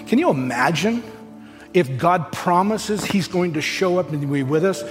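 A man's voice: sits high, expressive, moderate pace. Man preaching in a reverberant hall. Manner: conversational preaching, acting out everyday dialogue. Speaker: pastor. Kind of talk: sermon. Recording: long hall reverb with faint music.

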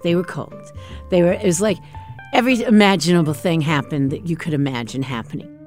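Woman interviewee, lower voice, fond measured recollection. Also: a little mellow, soft background music. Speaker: former campaign intern, interviewee.

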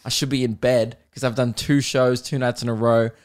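A young Australian man hosting a comedy podcast, telling a story in casual chat, animated and swearing freely as he acts out the other voices. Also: mid-range voice, normal speed.

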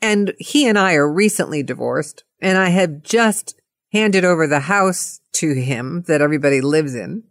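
Animated middle-aged woman telling stories. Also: deep voice, moderate pace, dry recording, studio quality. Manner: animated, playful storytelling. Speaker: storyteller. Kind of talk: personal anecdote monologue.

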